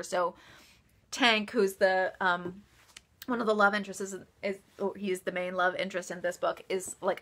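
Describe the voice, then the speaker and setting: A woman's voice: medium pitch, sharp tone. A woman author chatting casually on a live stream, answering viewer questions with frequent laughs, ums and restarts. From United States. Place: office.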